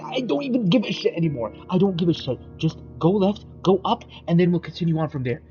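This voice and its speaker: A man's voice: on the high side, expressive, a little fast, hardly any pauses, dark tone, muffled recording, soft background music. Swearing, explosive young man ranting. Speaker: gamer. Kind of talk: profane comedic rant at a chatbot.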